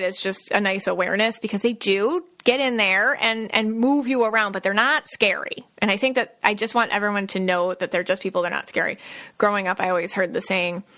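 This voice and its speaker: A bright, clear-voiced woman talking through a casual solo podcast episode. She is chatty and loose, with lots of fillers and quick restarts, and she slips into little acted-out quotes along the way. Her pitch sits at an ordinary middle height. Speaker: podcast host and psychic medium.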